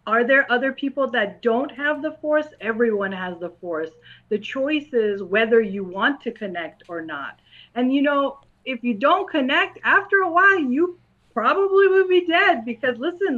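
A woman with a fairly high voice answers interview questions in a calm, patient way. She explains ideas in simple words for a young listener. The recording sounds dull and lo-fi. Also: moderate pace. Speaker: guest, school psychologist and clairvoyant.

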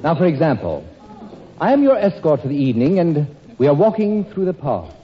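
A man's voice: fairly high pitch, wildly swooping pitch, fairly quick, dull audio. A man speaking elegantly and debonairly, with arch, refined comic delivery in a 1940s radio sketch. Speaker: guest. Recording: scratchy 1940s radio broadcast, loud audience.

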